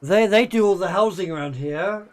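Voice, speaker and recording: A man running a tabletop game as game master, describing scenes haltingly with many fillers. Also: sits high.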